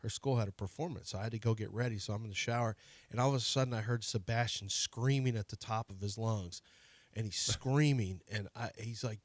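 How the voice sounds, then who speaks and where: A man hosting a sports radio show, chatting casually and telling stories with lively mimicry. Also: fairly low pitch, brisk, no room sound. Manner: animated storyteller, mimics his shouting son.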